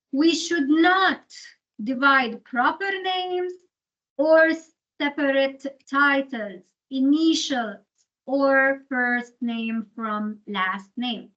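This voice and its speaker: An Arabic-speaking woman lecturing on English translation at a university has a high, somewhat bright voice, muffled on the recording. She goes through rules step by step, alternating English and Arabic.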